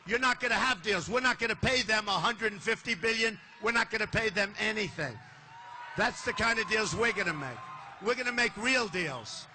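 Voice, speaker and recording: Older man, political candidate, high bright forceful voice, boastful punchy rally delivery, faint ambience behind. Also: a little hiss or hum. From United States. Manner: boastful, repetitive, punchy phrasing. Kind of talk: campaign rally speech. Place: large indoor arena.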